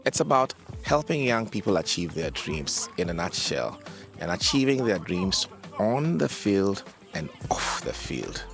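Man, academy head interviewed, low voice, lively intonation, relaxed explaining, soft music behind. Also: a little slow, vocal fry. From Ghana. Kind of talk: interview answers.

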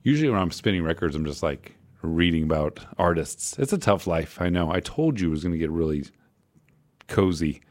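A man's voice: low voice, very animated, fairly quick, darkish tone. A man working as a radio DJ, back-announcing records in a casual, rambling way, often correcting himself and making wry asides.

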